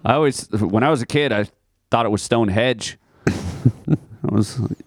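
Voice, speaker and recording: A man's voice: lowish voice, moderate pace, dry recording, studio quality. A man co-hosting a podcast in casual chat, telling rambling, profane stories and laughing often. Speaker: podcast co-host.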